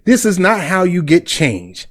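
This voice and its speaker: A man's voice: high-pitched, big pitch swings, a little slow, fairly bright tone. Indignant man ranting on his vlog. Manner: blunt and indignant, talks in street slang. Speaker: commentary vlog host. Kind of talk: heated commentary.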